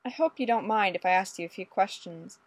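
A woman voicing a courtly, mild old male Mountie with a polite, unhurried, old-fashioned manner. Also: medium pitch, no echo, close to an everyday voice. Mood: genial.

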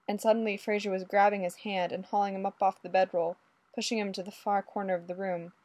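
Woman with a measured narrating voice. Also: medium pitch, level tone, darkish tone, no room sound. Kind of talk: audiobook reading of adult fiction.

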